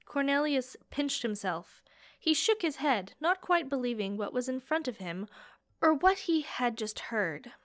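A woman narrating a fantasy audiobook in a slow, measured, dramatic way. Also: sits high, animated, a bit bright.

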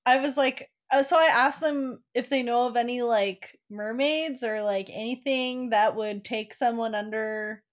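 A woman's voice: on the high side, fairly even intonation, unhurried, few pauses. A woman playing along in an improvised story game, rambling casually with lots of filler words. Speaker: player.

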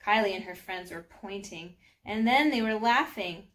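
A woman reading a children's storybook aloud, gently, sometimes speaking directly to young listeners. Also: medium pitch, normal speed. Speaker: storybook narrator.

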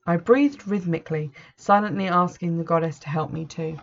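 Measured woman storyteller, low and gravelly, muffled recording. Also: a little hiss or hum. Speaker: narrator. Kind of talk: first-person story reading. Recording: dull lo-fi recording.

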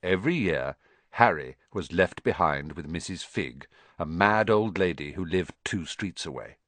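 A man reading a children's novel aloud as an expressive, measured audiobook narrator. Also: deep voice, dry recording. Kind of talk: scripted storybook narration.

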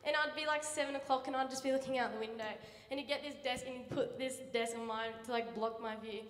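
A teenage Australian girl doing stand-up comedy, telling chatty stories with quick impressions on a big theatre stage. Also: on the high side, fairly even intonation, recorded from a distance. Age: teens. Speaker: student comedian. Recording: echoey theatre, long reverb, faint noise.

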